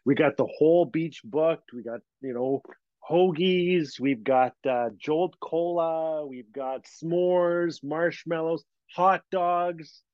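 A man from Northern Canada telling a story with a lively, laughing delivery, his voice sitting somewhat high for a man. The sound is dry and dull, like a lo-fi recording. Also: slow, no echo. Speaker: guest storyteller. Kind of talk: animated storytelling.

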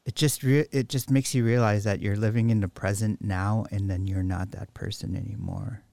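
A man hosting a reflective conversation about recovery, speaking haltingly with many restarts and fillers. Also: on the low side, fairly even intonation, creaky, a little mellow, dry recording.

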